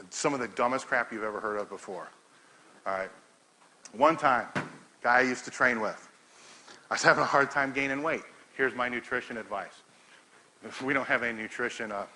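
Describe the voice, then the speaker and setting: A middle-aged man speaks to a live room in a bright, forceful voice, storytelling with plenty of swearing and chuckles. He talks with animated energy. Faint background noise sits under the talk. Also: mid-range voice, moderate pace, pauses often, low-quality recording. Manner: profane, laughing storyteller, animated. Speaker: powerlifting coach giving a talk.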